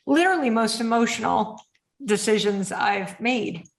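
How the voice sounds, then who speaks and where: Animated woman host in a roomy space. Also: on the high side, normal speed, vocal fry, slight background noise. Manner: animated storyteller, acts out her inner voice. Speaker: podcast host. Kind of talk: candid conversation.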